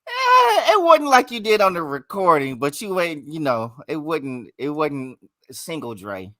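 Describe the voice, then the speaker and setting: A man's voice: on the high side, wildly swooping pitch, a little slow, bright, forceful tone. A man co-hosting a live podcast in loose, profane banter, laughing often. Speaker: podcast co-host. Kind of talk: casual live podcast chat.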